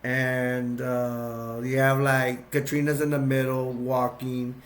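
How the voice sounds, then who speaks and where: A man casually retelling a movie plot, rambling and excitable, with restarts and sound effects. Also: medium pitch, slow pace. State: sugar-boosted, energetic. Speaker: movie recap vlogger.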